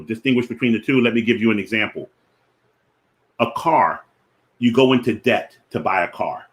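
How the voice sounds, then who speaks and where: Hosting a finance show, a man with a Philadelphia accent explains ideas deliberately, slowly repeating key definitions for emphasis. His voice is fairly low in pitch and a little bright.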